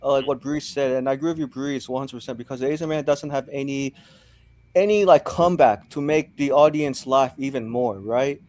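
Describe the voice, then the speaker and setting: A man's voice: medium pitch, steady tone, a little fast, a little mellow. A man hosting a casual panel discussion, often chiming in with agreement. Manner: agreeable, chimes in often with yeah and right.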